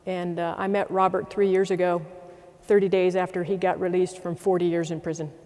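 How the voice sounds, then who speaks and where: A middle-aged man, a military commander, giving a closing speech that moves from animated storytelling into emphatic, repeated rallying lines. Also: sits high, a little fast. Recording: long hall reverb.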